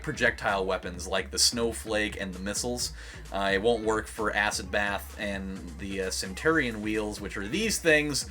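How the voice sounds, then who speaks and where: A man's voice: fairly low pitch, bright, forceful tone. A young man giving casual gameplay commentary as a let's play host, rambling with lots of fillers and swearing.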